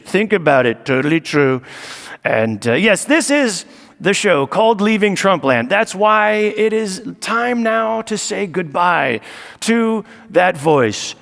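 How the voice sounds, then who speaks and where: A man's voice: high-pitched, vocal fry, fairly bright tone, in a large hall. A man performing a stand-up comedy set on stage, sarcastic with mock boasting. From United States. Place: stage of a live show venue.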